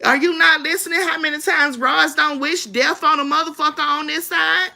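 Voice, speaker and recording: A woman rants on her own livestream, blunt, confrontational and full of profanity. Her voice sits high and sounds bright and edgy, with a gravelly fry running through it. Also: steady tone, normal speed. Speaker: livestream host. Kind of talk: ranting live-stream commentary.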